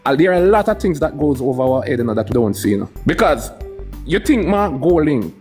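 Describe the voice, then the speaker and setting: Jamaican guy lecturing on a panel, bouncy pitch, keeps cutting in, faint music under. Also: very animated, brisk, a little mellow. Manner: lecturing, cuts in repeatedly. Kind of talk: heated panel discussion.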